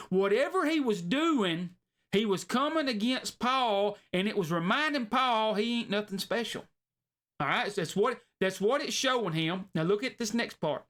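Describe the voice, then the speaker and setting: Earnest folksy preacher man, high voice. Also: expressive, fairly bright tone. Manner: folksy, earnest, slows down for emphasis. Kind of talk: sermon.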